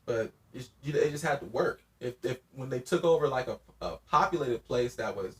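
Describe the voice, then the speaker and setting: A man's voice: medium pitch, animated, moderate pace, far from the mic. A young man hosting a casual podcast, rambling and profane, laughing often. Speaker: podcast host. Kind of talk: casual chat.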